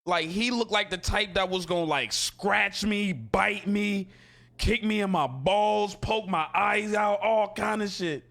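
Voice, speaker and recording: High-voiced gamer guy, bright tone, loose animated storyteller. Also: unhurried, vocal fry. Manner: animated, slangy, acts out quotes. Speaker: game streamer. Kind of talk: casual storytelling while gaming.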